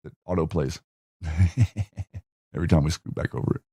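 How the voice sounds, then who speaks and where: A man's voice: deep voice, moderate pace, warm tone, slightly rough, no echo, clean studio sound. A man hosting a show, talking casually while screen-sharing, with rambling restarts and rhetorical questions. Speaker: host.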